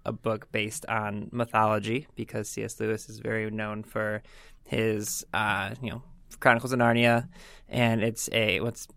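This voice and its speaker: Man co-host, unhurried and hesitant, dry close sound, teases his co-hosts. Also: lowish voice, level tone, gravelly, fairly bright tone, dry recording. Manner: unhurried, hesitant, filler-heavy, teasing. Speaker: podcast co-host. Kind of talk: casual book chat.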